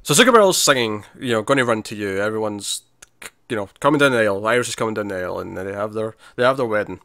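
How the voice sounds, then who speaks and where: A man's voice: fairly low pitch, animated, fast, a bit bright, dry recording, studio quality. A man co-hosting a podcast in casual chat, chatty and laughing often, acting out quotes as he talks. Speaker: podcast co-host.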